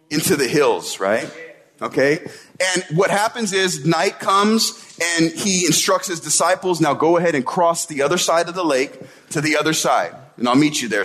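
A man's voice: fairly high pitch, fairly bright tone. A man preaching a sermon as the pastor, speaking in a conversational way and often checking in with the congregation. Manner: conversational, retells scenes and tags lines with "right?".

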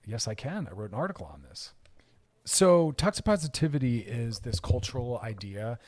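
A man's voice: medium pitch, expressive, normal speed, darkish tone. A man hosting a podcast, answering listener messages in an earnest, emphatic, explanatory way and repeating his key points. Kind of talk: casual explanatory talk.

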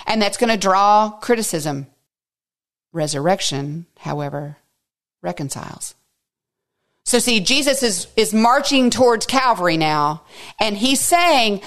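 A woman teaching a Bible study in an expressive way, dropping to hushed asides and rising to high, emphatic bursts. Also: a little slow, long pauses.

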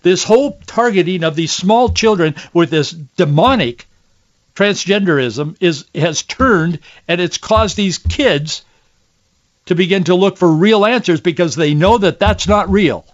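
Older guy hosting a faith talk show, kinda high voice, earnest and emotional, muffled lo-fi sound. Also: a little slow. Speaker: radio show host. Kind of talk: faith and politics commentary.

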